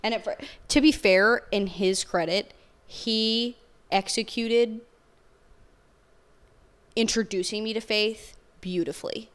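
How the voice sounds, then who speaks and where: A young woman telling a personal story in casual podcast conversation, animated and peppered with "like". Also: mid-range voice, slow pace, pauses often. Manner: animated storytelling, heavy use of "like".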